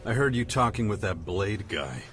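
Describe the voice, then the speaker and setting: An actor playing a tough, laconic adventurer in a video game, speaking in a terse, blunt way. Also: male voice, fairly low pitch, big pitch swings, normal speed, a bit bright, faint music behind. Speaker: player character.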